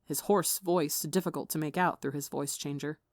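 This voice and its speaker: Woman narrator, low voice, measured storytelling, dry close sound. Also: steady tone, no echo. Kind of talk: audiobook reading of fan fiction.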